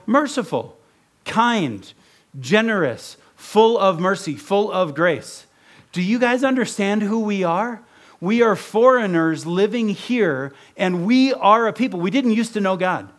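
A man's voice: sits high, lively intonation, measured pace. A man from Ohio preaching a sermon in a conversational way, often checking in with the congregation. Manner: conversational preaching with repeated "right?". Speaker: pastor.

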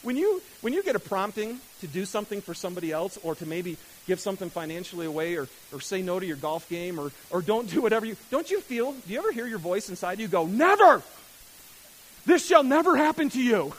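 A middle-aged man preaching a sermon as pastor, emphatic, rising to loud outbursts and dropping to hushed lines. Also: high voice, expressive, fast, few pauses, poor audio. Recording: faint hiss.

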